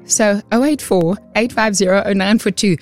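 A woman's voice: medium pitch, moderate pace, faint music behind. A South African woman hosting a radio show, chatting in a bubbly, upbeat way. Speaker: radio host. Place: radio studio.

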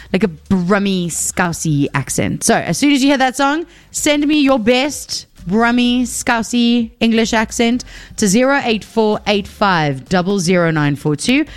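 A woman's voice: on the high side, normal speed, clean tone. A woman radio DJ presenting in a chatty, upbeat and casual way. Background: faint music.

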